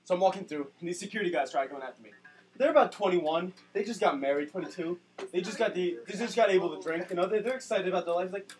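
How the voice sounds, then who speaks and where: A young man telling a comic story in a sarcastic rant with bursts of shouting, recorded on a distant camera mic. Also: high voice, fast talker. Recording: distant mic with faint noise.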